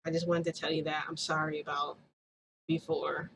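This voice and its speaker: A woman voicing a shy, gentle grown man in a softer, slightly lower tone while retelling a story. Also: level tone, normal speed, vocal fry, background noise. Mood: apologetic.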